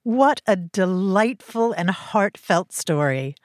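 A woman's voice: medium pitch, expressive, takes it slowly. A woman co-host chatting about a story on a children's podcast.

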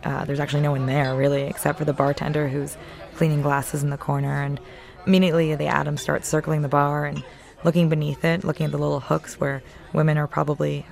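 A woman with a low, gravelly voice tells a joke at an easy storytelling pace. She stammers a little when she voices the characters.

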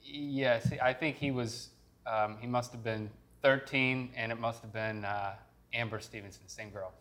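A man who is a podcast guest and chats casually with dry, deadpan humor. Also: medium pitch, measured pace, slight background noise. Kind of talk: casual chat.

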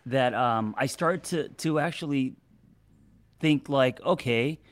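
A man in his forties giving relationship advice in a casual monologue to camera, halting and tripping over his words with many fillers. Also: mid-range voice. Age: 40s.

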